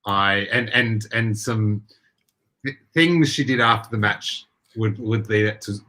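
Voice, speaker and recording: A man hosting a podcast in casual chat, rambling with many halting restarts. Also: fairly low pitch, sharp tone. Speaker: podcast host.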